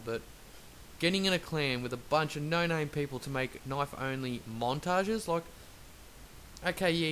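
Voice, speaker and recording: A man's voice: a little high, fairly bright tone. A man giving an angry, profane, rambling rant over gameplay as a gaming video maker. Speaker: gaming YouTuber. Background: faint traffic noise.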